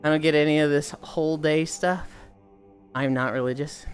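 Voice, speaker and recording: Woman, livestreamer, casual chat, lowish voice, rambling, sighing, swearing, faint music behind. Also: fairly even intonation, moderate pace, clean tone.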